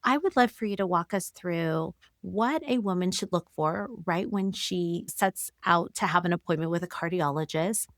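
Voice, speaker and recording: A woman's voice: on the low side, moderate pace, hardly any pauses, no echo, studio quality. A woman physician hosting an interview, reflecting on what her guest says and building long questions. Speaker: physician host. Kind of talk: conversational interview.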